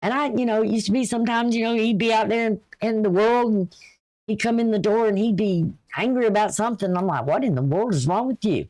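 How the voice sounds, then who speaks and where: A woman's voice: a little high, fairly even intonation, fairly quick, a little mellow. Woman, folksy astrology reader, chatty advice, sniffly runny nose. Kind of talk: casual spoken reading.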